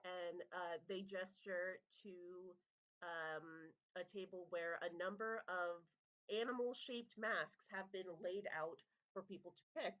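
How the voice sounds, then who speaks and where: Slow, halting woman game master. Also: on the low side, fairly even intonation, a bit bright, highs cut off. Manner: halting, many fillers, laughing often. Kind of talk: narrating a tabletop game.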